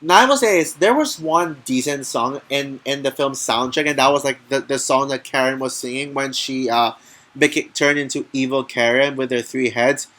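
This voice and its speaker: A man's voice: medium pitch, moderate pace, fairly bright tone. A man giving a casual spoken film review, rambling with many restarts and fillers, and turning heated and ranting at times. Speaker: movie reviewer.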